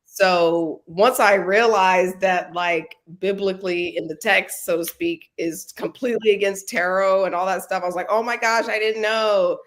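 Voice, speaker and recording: A woman's voice: lowish voice, steady tone, moderate pace, hardly any pauses. A woman talking candidly as a podcast guest, rambling with many fillers. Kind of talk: casual chat.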